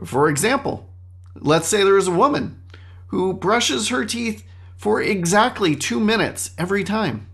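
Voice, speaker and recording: Animated man telling a podcast story. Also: sits high, unhurried. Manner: animated, self-mocking storyteller. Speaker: podcast host. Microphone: studio microphone.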